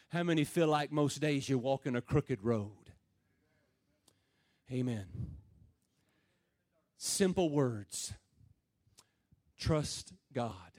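A man preaching a sermon, dropping low and slow, then building to loud, shouted emphasis. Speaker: pastor.

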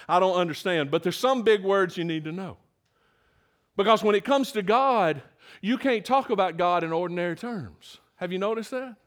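An older man preaching a sermon in a folksy, emphatic way that builds to loud peaks. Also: high voice.

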